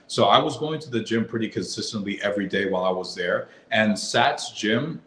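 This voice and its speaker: A man's voice: on the low side, reverberant, poor audio. A man from Boston, a podcast guest, telling stories in a chatty, casual way, filling his sentences with "like" and laughing often. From Boston, USA. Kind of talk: casual storytelling.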